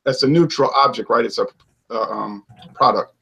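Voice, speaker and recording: A man's voice: medium pitch, moderate pace, creaky, pushed and bright, husky, low-quality recording. A man hosting a casual beer talk, rambling through hypotheticals and often restarting his sentences. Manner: rambling, hypothetical, self-interrupting. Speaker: beer reviewer and show host. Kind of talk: casual debate chat.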